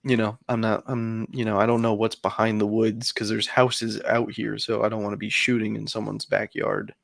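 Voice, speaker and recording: A man's voice: fairly low pitch, level tone, moderate pace, vocal fry, dry recording, clean studio sound. A man co-hosting a podcast, telling a long story in casual chat with lots of fillers and some swearing. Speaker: podcast co-host.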